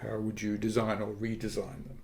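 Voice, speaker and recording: Gravelly, measured academic man. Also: fairly low pitch, monotone, a little mellow. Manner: measured, academic, pauses with fillers and restarts. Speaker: guest, politics professor. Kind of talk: podcast interview.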